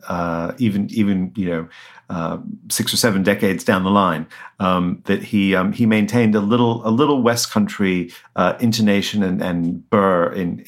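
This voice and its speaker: Author guy answering slowly, lots of uh and um, lowish voice. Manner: hesitant, many fillers and restarts, chuckles. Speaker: author guest. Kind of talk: interview answers.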